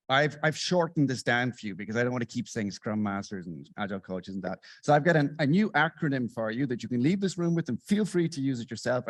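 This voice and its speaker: A man's voice: medium pitch, dry recording. Sarcastic man on a conference stage. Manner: sarcastic and animated, swings between loud bursts and muttered asides. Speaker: conference speaker. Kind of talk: satirical stand-up style keynote.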